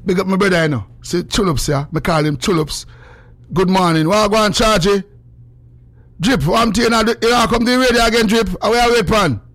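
A man with a Jamaican accent hosting a call-in radio show, swinging between loud preachy shouting and low mumbled asides. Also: brisk. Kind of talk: animated call-in radio rant.

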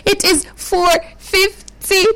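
Slow high-voiced woman radio host. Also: flat delivery, bright, forceful tone, low-quality recording. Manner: preachy, coaxing and repetitive. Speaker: children's radio show host. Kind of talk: radio talk to children.

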